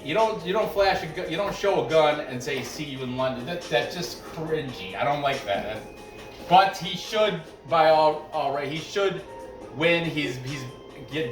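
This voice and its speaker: A man with a fairly high voice rambles casually while hosting a sports betting picks show, frequently restarting sentences and adding asides. The mic is distant, the room echoes, and faint music plays behind him.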